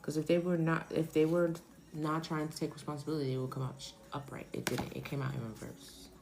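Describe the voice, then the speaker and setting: Woman in her 40s, tarot reader on a live stream, low voice, gravelly, chatty, digressive. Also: flat delivery, fast, music in the background, rough recording. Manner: chatty, digressive, thinks aloud.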